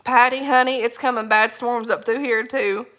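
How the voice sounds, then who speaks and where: Bright, folksy woman livestreamer. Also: a little high, steady tone, normal speed. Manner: rambling, laughs often, folksy slang. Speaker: livestream host reading viewer comments. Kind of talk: casual live chat.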